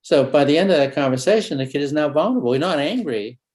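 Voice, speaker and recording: In a fairly high-pitched voice, this family therapist leads a parenting training session through easygoing storytelling. Suspenseful pauses and role-played snippets of dialogue run through his talk.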